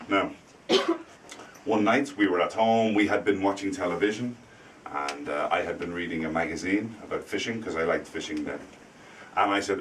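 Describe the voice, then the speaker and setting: A man telling a spooky story live to a classroom of language students, dramatic and dropping to a hush for suspense. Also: low-pitched, moderate pace. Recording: distant mic, faint room noise.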